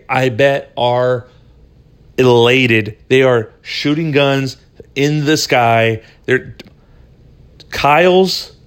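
Talking into a phone, a man hosts a solo podcast in a rambling, laid-back way, swearing a lot. His voice is mid-range with a clean tone.

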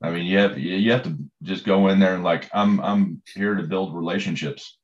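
Man, coach, very low voice, rambling, many fillers, dull recording. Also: steady tone, moderate pace. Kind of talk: storytelling in conversation.

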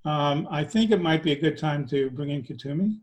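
Soft-spoken man with a slightly high voice. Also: expressive, a little fast. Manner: soft-spoken, hesitant, lots of ums. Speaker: trance channel. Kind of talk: casual chat.

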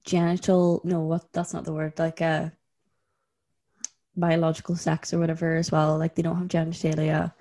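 A woman's voice: deep voice, monotone, moderate pace, warm tone. A young woman with a Donegal Irish accent, co-hosting a podcast in casual chat and laughing often. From Donegal, Ireland. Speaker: podcast co-host.

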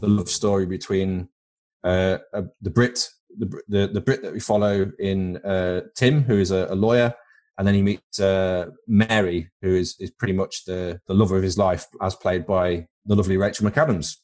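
A man's voice: low-pitched, fairly even intonation, normal speed, darkish tone. A man from Britain co-hosting a podcast in casual chat, rambling into crude comic tangents. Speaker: podcast co-host.

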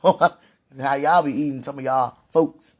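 A woman's voice: extremely low pitch, fairly even intonation, takes it slowly, a little mellow, breathy edge. A woman vlogging in a casual, rambling monologue, sighing and repeating herself as she pleads aloud to God.

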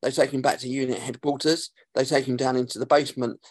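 A man, hosting a podcast and recapping an episode in a casual, sarcastic way, swearing freely and filling pauses with um. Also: medium pitch, little pitch movement, no room sound. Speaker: podcast host.

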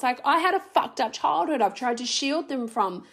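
Woman in her 30s venting in a vlog, high-ish voice, swears a lot, raw and rambly. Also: expressive, normal speed, hardly any pauses, a bit bright. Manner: raw, emotional, heavy swearing; rambling, restarts, many fillers. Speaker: vlogger. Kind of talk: emotional personal vlog.

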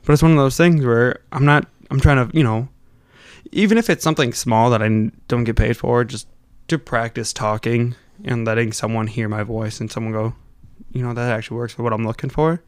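A man's voice: mid-range voice, fairly even intonation, fairly quick, clean tone, no room sound. Wisconsin guy rambling on a podcast, kinda slurry loose talk, dry close mic. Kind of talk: casual podcast chat.

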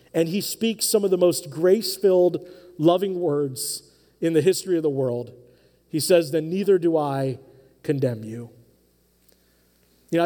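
High-voiced pastor preaching in a reverberant church. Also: male voice, mellow. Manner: earnest, conversational preaching with acted-out quotes. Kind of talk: sermon. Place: church sanctuary.

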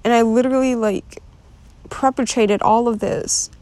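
Frustrated young woman venting, high voice. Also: steady tone, moderate pace, darkish tone. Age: young adult. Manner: frank, rambling, swears freely, many "like" fillers; frustrated and restless. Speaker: vlogger. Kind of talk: unscripted confessional monologue.

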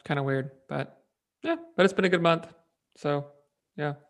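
Gravelly, upbeat man with a higher voice. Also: moderate pace. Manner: laughs often, upbeat and rambling. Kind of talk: casual chat.

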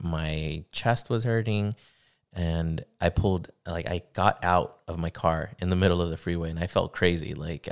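A young man with a deep, low-pitched voice talks through a personal story on a podcast. He speaks haltingly, looping through fillers and restarts as he goes. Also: clear, resonant tone. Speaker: podcast guest. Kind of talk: casual conversation, personal story.

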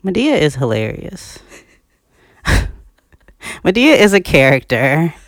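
A podcast co-host in a casual discussion, talking in an animated, emphatic way, with the pitch leaping up on key points and frequent laughter. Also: slow pace, no room sound, clean studio sound.

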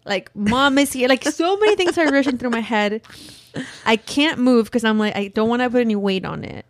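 A woman in her thirties telling a story in casual podcast chat, animated and laughing, full of "like". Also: on the high side, moderate pace, no echo, clean studio sound. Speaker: podcast co-host.

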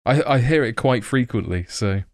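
A man's voice: mid-range voice, lively intonation, moderate pace, no echo. A man hosting a casual podcast, joking with his co-hosts and often stumbling over his words. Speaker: podcast host. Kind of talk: casual chat.

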